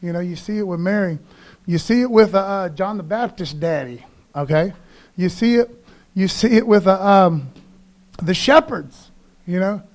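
A man preaching a sermon in church, casual and animated, often calling listeners "man.". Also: high-pitched, a little slow.

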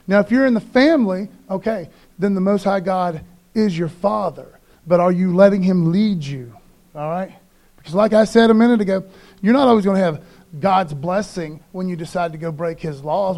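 Guy preaching in church, kinda high voice, super casual and lively. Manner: casual, animated preaching, calls listeners "man". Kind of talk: sermon.

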